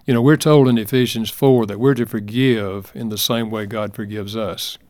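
An older man, an author and guest, telling a personal story in an earnest, gentle and measured way during an interview. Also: fairly low pitch, fairly even intonation, dry recording.

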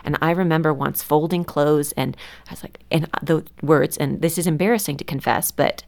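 A woman's voice: low voice, steady tone, moderate pace. A middle-aged woman, a guest author on parenting, telling candid stories from family life in a conversational radio interview. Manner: candid, storytelling, confessional.

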